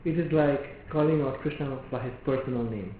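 A man giving a devotional lecture in a measured, explanatory way, often asking rhetorical questions. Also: mid-range voice, a little hiss or hum. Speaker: preacher. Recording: echoey hall on a phone-like line.

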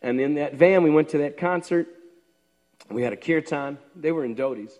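A man in his sixties, a devotee telling how he joined, lively and acting out the voices of others. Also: fairly high pitch, moderate pace. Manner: lively storyteller who acts out the other people's lines. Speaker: devotee sharing his story. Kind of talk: personal storytelling talk. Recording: long hall reverb.

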